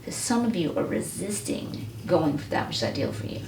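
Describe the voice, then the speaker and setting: A woman with a low voice gives a pick-a-card tarot reading and speaks directly to her listeners, earnest and encouraging. She sits away from the mic in an echoey room with faint background noise. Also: huge pitch swings, fairly quick, creaky, a little mellow, far from the mic. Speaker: tarot reader.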